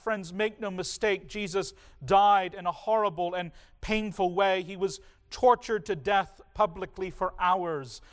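Man, preacher, deliberate sermon, unhurried, lingering pauses. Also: high-pitched, a bit bright. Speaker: pastor.

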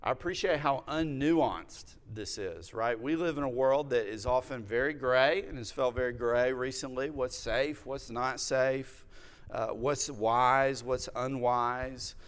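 A pastor in his thirties delivers a sermon in a smooth, resonant voice of ordinary pitch. He speaks in a measured, reflective way and weaves in personal stories. His words trail into the long echo of a large church hall.

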